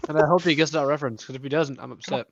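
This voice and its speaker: A man chatting with his tabletop group, telling stories with animated retellings and jokes. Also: fairly high pitch, very fast, muffled recording, noisy background. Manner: animated storyteller, tells jokes in a mock voice. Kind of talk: casual chat among tabletop players.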